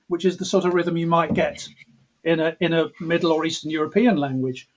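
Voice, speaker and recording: An Englishman with a slightly high, husky voice, a composer guest, reflects aloud at normal speed in a relaxed interview. He often restarts phrases and repeats words while working out his meaning, and the audio sounds dull and lo-fi, like a remote call.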